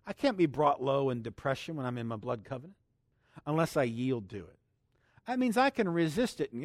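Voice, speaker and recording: A man preaching a sermon, exuberant and laughing, swinging between hushed and loud lines. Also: on the high side, sing-song, normal speed, pauses often, dry recording, clean studio sound. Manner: leads congregation in a loud spoken declaration.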